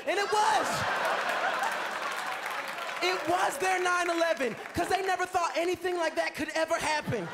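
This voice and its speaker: On a comedy club stage, a young American man performs stand-up, his voice pitched very high at a normal speed with long pauses while a loud crowd reacts. He animatedly acts out stories, doing big voices and screaming kids. The live recording catches audience laughter and noise.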